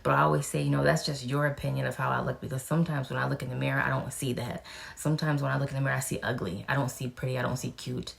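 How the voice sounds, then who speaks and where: A woman's voice: a bass voice, little pitch movement, very fast, gravelly. A young woman, chatting frankly and casually as a vlogger answering viewer questions, cursing now and then. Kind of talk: casual Q&A vlog.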